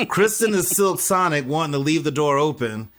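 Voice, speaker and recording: Man, podcast co-host, bright voice, slightly high pitch, joking casual recap chat. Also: lively intonation, normal speed. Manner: joking, laughs at his own bits.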